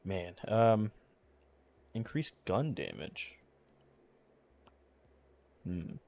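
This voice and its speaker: A man streaming a video game talks in a fairly low, gravelly, slightly mellow voice with a sing-song lilt, very slowly. His casual gameplay commentary rambles, full of swearing and fillers, and he mumbles, with his voice cracking now and then.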